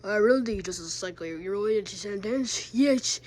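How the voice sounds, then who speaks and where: A woman's voice: mid-range voice, lively intonation, moderate pace, darkish tone, slight background noise. A woman playing out scenes with plush toys, playfully switching between character voices and asides to viewers. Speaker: plush toy video maker.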